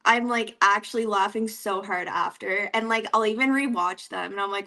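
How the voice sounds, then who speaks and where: Bright giggly Canadian woman. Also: medium pitch, moderate pace, vocal fry, few pauses. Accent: Canadian East Coast. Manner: giggly, lots of "like" fillers. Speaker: guest. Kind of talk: casual interview chat.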